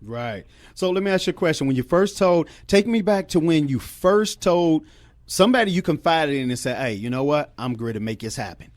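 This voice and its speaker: A man's voice: a little high, animated, fairly quick, dry recording. A man hosting a talk show, upbeat and encouraging, with a casual slangy way of talking. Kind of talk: casual interview chat.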